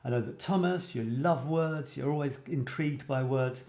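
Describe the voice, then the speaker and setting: A man's voice: medium pitch, moderate pace, mellow. Male livestream host, chatty and enthusiastic, roomy echo on the voice. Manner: chatty, enthusiastic, reads comments aloud. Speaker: host of a live writing show. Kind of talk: casual live-stream chat. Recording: roomy echoey sound.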